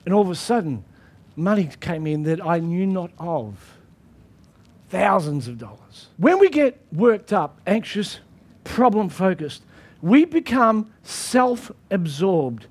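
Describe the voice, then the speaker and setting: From the pulpit, a man with a strikingly high, husky voice preaches a sermon, very animated yet slow. He is a pastor whose emphatic delivery relies on repeated phrases to hammer home each point.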